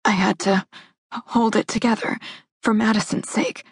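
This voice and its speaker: A shaken young woman in grief, voiced by a woman narrator, pleading and stumbling over her words. The voice is husky and breathy. The recording is dry and close, with no room around it. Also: medium pitch, little pitch movement, unhurried, no echo, voice pushed up. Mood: apologetic. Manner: pleading, stammering. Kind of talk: audiobook character voice.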